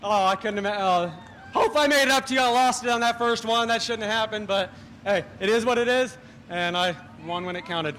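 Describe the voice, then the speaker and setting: Earnest man, high voice, thankful post-race interview at an outdoor track, faint noise behind. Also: fairly bright tone. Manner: earnest, thankful, a bit halting. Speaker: race winner. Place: outdoor speedway.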